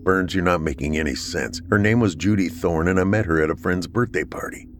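A man's voice: deep voice, a little fast, slight background noise, close to an everyday voice. A man voicing a weary, terse deputy sheriff who talks in short, guarded questions. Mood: guarded, probing. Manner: curt, guarded.

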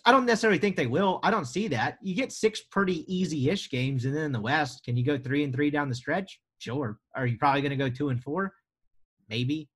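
A young man from the US hosts a sports podcast with a joking, rambling attitude and a steady stream of sarcastic side comments. He has a fairly high, slightly bright voice with a breathy edge.

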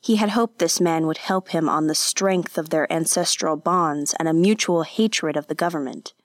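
A woman narrating an audiobook in a measured, deliberate way. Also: low-pitched, no room sound, clean studio sound. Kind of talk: audiobook reading.

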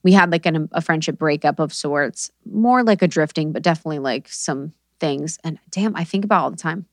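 Woman guest, lowish voice, casual, slangy, reflective, dry close recording. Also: fairly quick, no room sound. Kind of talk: casual chat.

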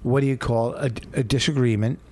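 A man's voice: mid-range voice, fairly quick. A man who hosts radio, arguing casually with his wife and retelling events with lots of repetition. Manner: animated storyteller, repeats himself. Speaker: radio host. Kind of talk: casual couple argument on a podcast.

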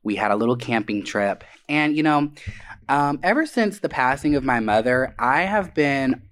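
A man tells personal stories on a podcast in a loose, animated way, swearing freely. He slips into the voices of the people in his stories as he goes, and his pitch sits in an ordinary middle range for a man. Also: moderate pace. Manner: animated, profane, acts out quoted voices. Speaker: podcast co-host. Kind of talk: casual storytelling. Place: Atlanta area.

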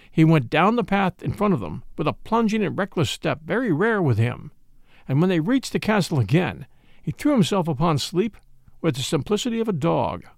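A man narrating a mystery story aloud in a measured, expressive storytelling manner. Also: on the high side, vocal fry, no room sound, studio quality. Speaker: audiobook narrator. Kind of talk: dramatic audiobook reading.

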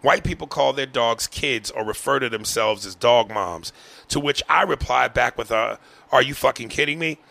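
A man hosting a podcast, reading a listener's email aloud in a profane, animated way. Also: mid-range voice, moderate pace, creaky. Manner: profane, animated, breaks into laughter. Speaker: podcast host.

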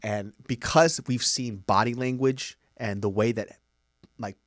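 A young adult man from the United States, a podcast host telling stories in casual comedy chat, animated and peppered with "like" and "right?". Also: mid-range voice, unhurried, dry recording, studio quality. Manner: animated storyteller, lots of "like" and "right?".

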